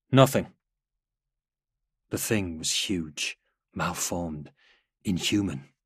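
Husky, low-voiced male narrator. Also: fairly bright tone, dry recording, clean studio sound. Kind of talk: audiobook narration of military fiction.

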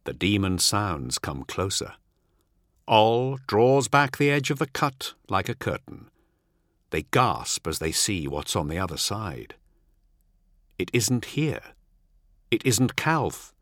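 A man giving a measured, dramatic audiobook narration. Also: fairly low pitch, very animated, a bit bright, no room sound, studio quality.

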